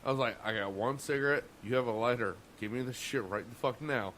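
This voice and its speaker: A man's voice: mid-range voice, a little fast, a bit bright, a little hiss or hum. A man co-hosting a casual podcast, telling rowdy restaurant stories with lots of swearing, restarts and laughter. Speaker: podcast co-host. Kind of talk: casual chat, swearing storytelling.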